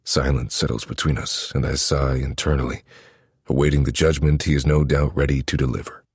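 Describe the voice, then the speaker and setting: A man narrating a first-person romance story in a low, intimate, steady manner. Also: a little fast, husky, no room sound, studio quality. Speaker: audiobook narrator.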